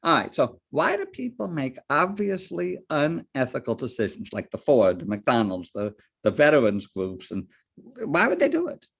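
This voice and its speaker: Lively, gravelly-voiced male ethics lecturer. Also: medium pitch, moderate pace. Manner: lively storyteller, rhetorical questions. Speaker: board ethics trainer. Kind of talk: lecture with personal anecdotes.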